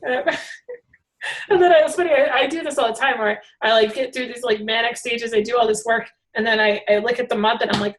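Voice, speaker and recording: Chatty, rambling woman with a raised pitch. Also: fairly quick, low-quality recording. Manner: rambling, animated, many fillers. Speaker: hangout organizer. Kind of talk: casual group video call.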